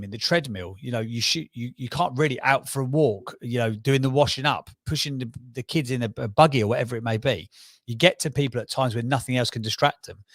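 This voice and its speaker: A man with a Cockney accent, a podcast guest talking quickly and emphatically, piling up figures and examples. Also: mid-range voice, no echo, clean studio sound. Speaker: podcast guest, brand strategist. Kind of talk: energetic interview talk.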